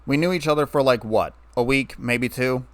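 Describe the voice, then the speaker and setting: Brief: young man, dry and sarcastic, flat tone, as the reader plays him, mid pitch, close dry sound. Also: normal speed, no echo, close to an everyday voice. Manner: wry, flat, turning bitter.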